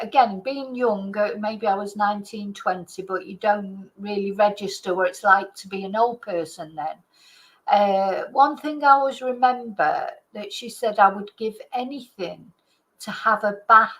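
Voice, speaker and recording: A woman's voice: medium pitch, bright, forceful tone, rough recording. An older woman, a channel host chatting through a personal story in a rambling way, full of fillers and restarts. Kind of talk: casual storytelling monologue.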